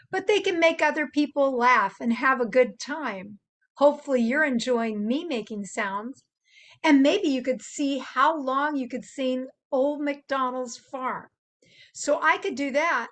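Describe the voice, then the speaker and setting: Lively high-voiced older woman teaching kids. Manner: playful, imitates animal sounds. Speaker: children's presenter. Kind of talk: gentle instructional talk to children.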